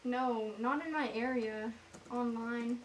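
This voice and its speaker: High-voiced woman rambling to herself. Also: slow, a little hiss or hum, poor audio. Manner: rambling, self-mocking, thinks out loud. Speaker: vlogger. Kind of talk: casual chat to herself while painting.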